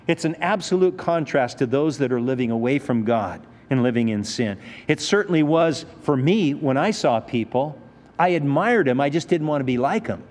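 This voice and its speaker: A man's voice: fairly high pitch, a little mellow. Conversational man preaching in an echoing hall. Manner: conversational, with rhetorical questions. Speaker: pastor. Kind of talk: expository sermon. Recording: reverberant hall.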